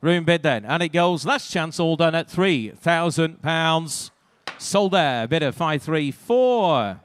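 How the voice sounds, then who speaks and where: A British man working as an auctioneer, calling out bids in a rapid rhythmic patter with dry joking asides. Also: fairly high pitch, animated, clear, resonant tone. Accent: British English. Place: auction sale room.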